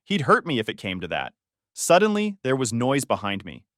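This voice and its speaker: A man's voice: medium pitch, wildly swooping pitch, moderate pace, a bit bright, no room sound, clean studio sound. A man narrating a first-person story in a tense, dramatic way.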